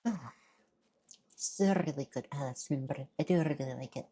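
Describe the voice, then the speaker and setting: A woman's voice: low voice, moderate pace, dark tone, breathy edge. A woman streamer chatting casually through a game, talking while she eats. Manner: chatty, talks while eating. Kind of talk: casual let's-play chat.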